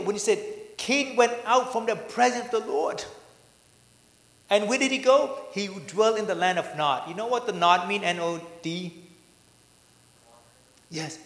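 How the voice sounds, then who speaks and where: A man's voice: high-pitched, fairly bright tone. A man preaching a sermon as pastor, asking his listeners questions and answering them himself. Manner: dynamic preaching, asks the congregation questions. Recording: echoey church hall.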